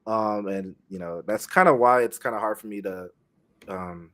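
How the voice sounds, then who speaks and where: Podcast guest, thirties male, easygoing, lower voice, hesitant fillers. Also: normal speed, fairly bright tone. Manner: easygoing, many ums and uhs. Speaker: guest streamer. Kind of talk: casual interview chat.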